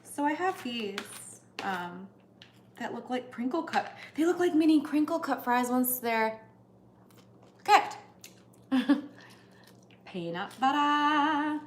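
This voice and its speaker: A woman's voice: a little high, noisy background. A young woman hosting a cooking livestream at home, chatting casually and giggling as she cooks. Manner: chatty and giggly, with playful asides. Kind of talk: casual chat while cooking. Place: home kitchen. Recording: echoey kitchen with clattering pots and dishes.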